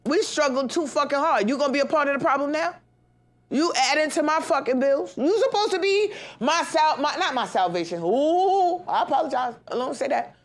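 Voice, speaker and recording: A young adult woman hosts a podcast and launches into a heated, profane rant. Her pitch sits a bit high and leaps all over the place. She swings between loud outbursts and low grumbles and laughs through her words. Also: animated, fairly quick. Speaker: podcast host. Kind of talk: ranting monologue.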